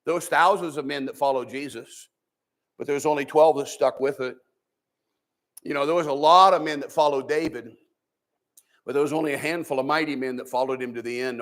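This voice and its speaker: A man preaching a Sunday school sermon as pastor, talking plainly, swinging between loud emphatic rises and soft drops. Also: medium pitch.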